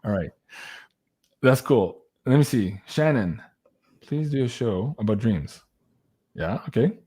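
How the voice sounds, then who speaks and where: Husky man chatting on a livestream. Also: medium pitch, animated, slow, mellow. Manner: chatty, thanks donors by name, laughs often. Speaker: livestream co-host. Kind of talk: casual livestream chat.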